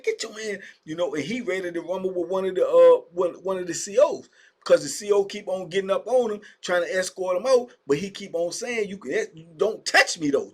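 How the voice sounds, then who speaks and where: A man with a Virginia accent telling stories about prison life in a casual, animated way, full of street slang and acting out the voices of other people. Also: sits high. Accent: Southern US, Virginia. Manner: animated, acts out voices of inmates and guards, drawling street slang. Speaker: storyteller recounting prison life. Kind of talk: casual storytelling monologue.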